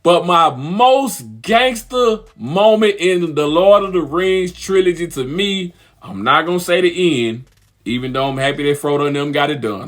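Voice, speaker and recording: A young man giving an animated, slang-heavy fan commentary, repeating lines for emphasis. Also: on the high side, moderate pace. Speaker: vlogger.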